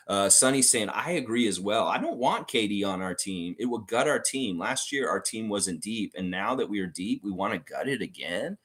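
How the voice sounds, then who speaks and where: A man with a lowish voice hosts a fan livestream. He reads viewer comments aloud and reacts to them in casual, chatty talk, with pitch that swings widely. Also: animated, moderate pace, few pauses, fairly bright tone, breathy edge.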